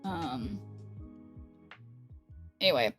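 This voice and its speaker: A woman's voice: low-pitched, animated, extremely slow, a bit bright, breathy edge, no echo, faint music behind. A young woman streaming from her room, chatting casually and rambling with many fillers and frequent laughs. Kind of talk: casual livestream chat. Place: her hot bedroom with a fan blowing.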